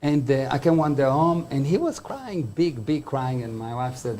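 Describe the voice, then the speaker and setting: Mellow-voiced man giving a motivational talk. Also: medium pitch, expressive, normal speed, a little hiss or hum. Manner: explains terms by defining them, with everyday examples. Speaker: motivational speaker.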